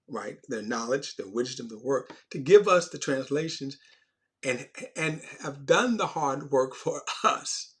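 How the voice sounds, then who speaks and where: A man's voice: mid-range voice, expressive, a little slow, fairly bright tone. A man teaching an informal Bible class in a conversational way, often restarting phrases and stressing key words.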